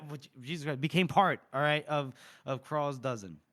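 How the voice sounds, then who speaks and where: A man co-hosting a casual book podcast, retelling scenes with lively quoted lines and frequent laughter. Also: on the high side, unhurried, vocal fry. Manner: animated, acts out characters' lines with laughter. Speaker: podcast co-host.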